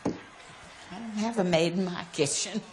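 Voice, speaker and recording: An actress playing a sharp-tongued mother. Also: lowish voice, normal speed, a little hiss or hum, lightly acted, low-quality recording. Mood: scolding. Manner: scolding and blunt.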